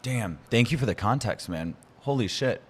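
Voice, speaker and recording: A man's voice: mid-range voice, expressive, moderate pace, breathy edge. A man hosting a podcast, asking his guest curious, open questions. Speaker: podcast host. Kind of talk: interview questions.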